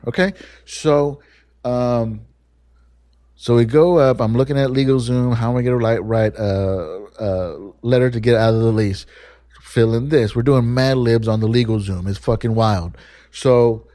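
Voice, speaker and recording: A man with a dark, mellow voice tells a rambling story full of swearing, casual and animated. His voice is close and dry on a podcast microphone, with no room sound. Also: mid-range voice, unhurried, no echo.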